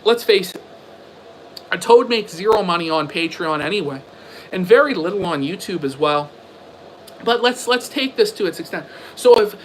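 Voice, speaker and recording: A man's voice: sits high, a bit bright, a little hiss or hum, rough recording. A man ranting on a livestream: combative, sarcastic and profane, firing off repeated rhetorical questions. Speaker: livestream commentator. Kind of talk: ranting stream commentary.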